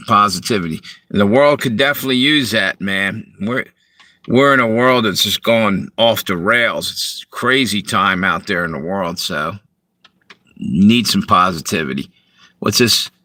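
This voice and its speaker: A man's voice: lowish voice, bright, forceful tone, no room sound. A man from Delaware, chatting casually on a live stream from his parked car, greeting viewers and rambling between comments.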